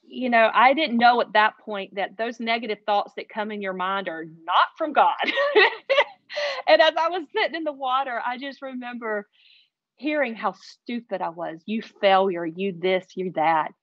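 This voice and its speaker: A woman telling a heartfelt personal story as an interview guest, earnest and animated. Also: a little high, normal speed, dry recording, dull audio.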